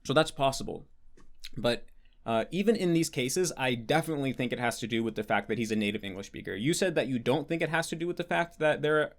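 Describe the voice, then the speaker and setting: An American man speaks at an ordinary middle pitch in a loose, unscripted Q&A. He thinks out loud, piling on fillers and restarting his sentences as he goes. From United States. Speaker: host answering patron questions. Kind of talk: casual Q&A monologue.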